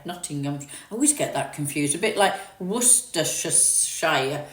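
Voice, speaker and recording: On a phone recording made at a distance in an echoey room, a middle-aged livestream host from London, England, talks casually through viewer comments, reading and answering them. Her voice is on the low side and animated, at normal speed with few pauses, and her southern English accent is partly blended with northern.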